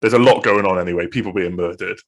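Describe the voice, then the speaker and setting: A man's voice: low voice, quick pace. A man co-hosting a casual podcast, blunt, sweary and drily teasing. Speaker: podcast co-host.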